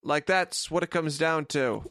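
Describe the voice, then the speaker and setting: Man, fairly high voice, blunt and sweary podcast co-host, dry close mic. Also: a little slow, fairly bright tone, no echo. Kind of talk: casual chat.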